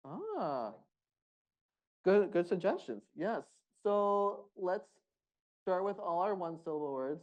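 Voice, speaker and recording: A man's voice: high voice, big pitch swings, slow pace, lo-fi sound. A man leading a group music workshop, giving encouraging, upbeat instructions.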